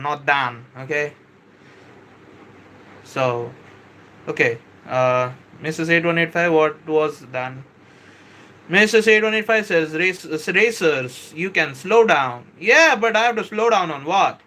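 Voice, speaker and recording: High, bright-voiced man streaming slowly. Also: expressive. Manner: chatty, reads viewer comments aloud, says "bro" and "kindly" often; self-correcting, hesitant restarts. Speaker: livestream host explaining software models. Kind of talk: casual live-stream teaching.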